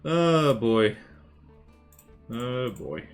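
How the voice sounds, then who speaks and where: A man's voice: medium pitch, extremely slow, soft background music. A young adult man casually chatting while drawing on a livestream, playful, jokey and rambling.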